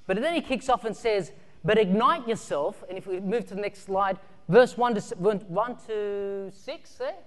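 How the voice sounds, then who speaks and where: Animated pastor in a reverberant hall. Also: male voice, sits high, normal speed. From Australia. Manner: animated storytelling, shouts and laughs through childhood stories. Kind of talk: sermon.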